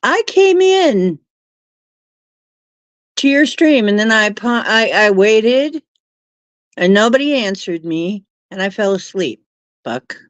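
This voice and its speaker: A woman's voice: medium pitch, expressive, a little slow, dry recording, highs cut off. A woman hosting a live stream, chatting casually with viewers and giggling often. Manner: giggly, laughs often while reading chat.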